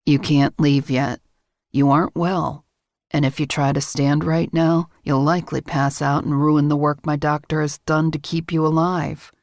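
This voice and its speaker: A woman voicing a stern male crime boss in an audiobook, speaking low, clipped and controlled. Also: level tone, normal speed, darkish tone, no echo, studio quality. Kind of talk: audiobook character voice.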